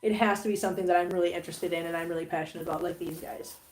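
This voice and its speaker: A woman's voice: fairly low pitch, steady tone, rapid-fire, a little mellow. Chatty woman live-streaming at home. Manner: chatty, laughs often, coos at kittens. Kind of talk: casual live-stream chat with cats. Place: home living room. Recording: roomy home sound with faint background hiss.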